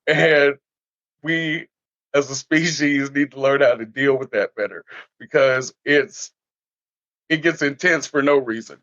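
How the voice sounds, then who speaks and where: A man in a casual podcast conversation, telling stories in an animated way and acting out everyday scenes. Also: medium pitch, measured pace, pauses often, no room sound. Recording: dull lo-fi dry sound.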